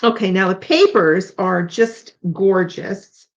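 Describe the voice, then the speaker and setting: A woman's voice: mid-range voice, expressive, slow pace. A middle-aged woman from Canada hosting a casual craft demonstration, chatty and tired, thinking aloud with unsure asides. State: tired, yawning. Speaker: craft tutorial host. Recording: slightly dull lo-fi sound.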